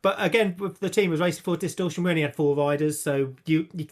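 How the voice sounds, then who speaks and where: A man's voice: on the high side, quick pace. Chatty man on a podcast. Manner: chatty, self-deprecating, stumbles and restarts a lot. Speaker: podcast co-host. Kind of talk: casual chat.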